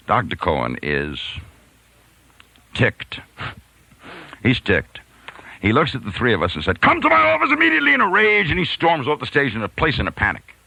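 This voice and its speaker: A deep, low-pitched man spins a yarn with a lively, rising and falling voice that leaps up when he acts out the people in it. His tone is bright and forceful, and the recording is dry and close. He laughs now and then as he tells it, like a practiced radio storyteller. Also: dry recording, rough recording. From New York. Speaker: radio host telling a story. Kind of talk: storytelling monologue.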